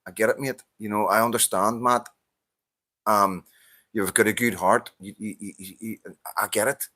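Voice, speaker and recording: A man's voice: fairly low pitch, fairly even intonation, moderate pace, bright, forceful tone, no echo. A man with a Northern Irish accent, talking to camera in a heated, casual monologue as he answers a viewer, swearing often and stumbling over repeated restarts. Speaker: vlogger answering a viewer's comment.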